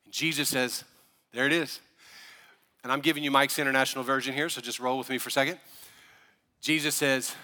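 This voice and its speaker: A man preaching a sermon as pastor, animated and building to fired-up preaching with asides to the congregation. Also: mid-range voice, quick pace, long reverb tail. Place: church sanctuary.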